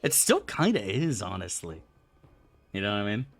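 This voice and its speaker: A man's voice: lowish voice, huge pitch swings, normal speed, faint music behind. A man streaming a game, chatting loosely with his viewers and swearing freely. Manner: loose and rambling, swears freely, answers chat aloud. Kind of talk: casual live-stream chat.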